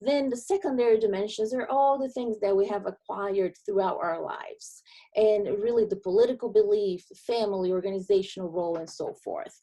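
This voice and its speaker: Mellow-voiced Brazilian woman presenting. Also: medium pitch, a little fast. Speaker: diversity and inclusion consultant. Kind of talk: presentation talk.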